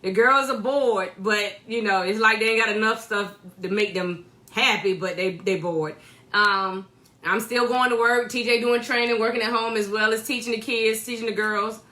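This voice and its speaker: A woman's voice: a little high, steady tone, moderate pace, sharp tone. A woman in her thirties co-hosting a casual church livestream from home, greeting viewers by name and chatting.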